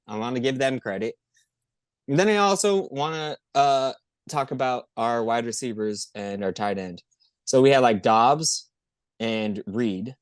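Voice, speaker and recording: A man co-hosting a podcast, chatting casually about football in an excitable, profane, rambling way. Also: mid-range voice, no room sound, studio quality. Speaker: podcast co-host. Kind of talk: casual sports chat.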